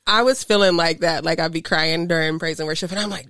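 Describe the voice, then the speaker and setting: Woman, podcast co-host, casual chat, animated, laughs a lot, dry sound. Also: low voice, quick pace, no echo. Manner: animated, laughs often, acts out stories.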